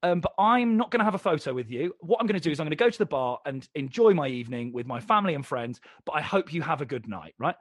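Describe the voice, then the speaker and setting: His voice is on the high side and fast, with few pauses. He's a young comedian and presenter on a podcast as a guest, animatedly telling stories laced with swearing and acting out both parts of conversations. The recording is dry and studio quality.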